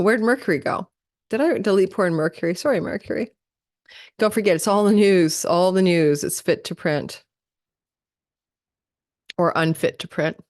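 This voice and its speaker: A woman hosting a live astrology forecast, talking quickly and chattily and correcting herself as she goes. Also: lowish voice, no echo, clean studio sound. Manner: fast, chatty, self-correcting, talks quickly like an auctioneer. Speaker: astrology channel host.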